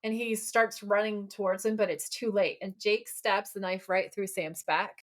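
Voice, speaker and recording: A woman's voice: medium pitch, normal speed. Gushing woman podcast co-host. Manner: gushing, animated retelling. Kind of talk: casual podcast chat.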